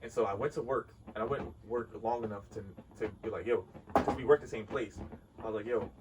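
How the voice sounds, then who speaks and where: A man casually telling a story on a podcast, animated and profane, laughing often. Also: on the low side, fast. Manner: animated, laughing, swears freely. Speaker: podcast co-host. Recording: distant mic with clear background noise.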